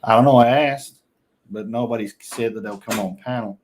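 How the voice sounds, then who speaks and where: A man's voice: fairly low pitch, normal speed, a little mellow. An Australian man with an Australian accent hosting a livestream, chatting casually in rambling, joking banter. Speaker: livestream host.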